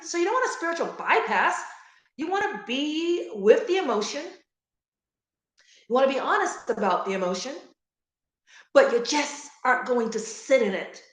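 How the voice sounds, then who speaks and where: A middle-aged woman giving an earnest, animated motivational talk to grieving parents, repeating key phrases for emphasis. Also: on the high side, roomy sound. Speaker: guest speaker on grief support.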